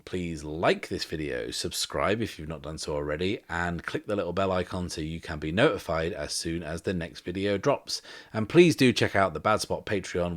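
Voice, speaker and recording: A man hosting a podcast and narrating a solo tabletop game in a relaxed, descriptive way. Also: low-pitched, no echo, clean studio sound. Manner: relaxed, descriptive, uses fillers. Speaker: host and game master.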